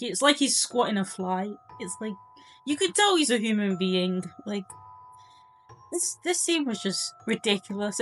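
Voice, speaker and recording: A woman's voice: medium pitch, fairly bright tone, rough recording. A young woman giving a casual movie review, chatty and incredulous, full of filler words.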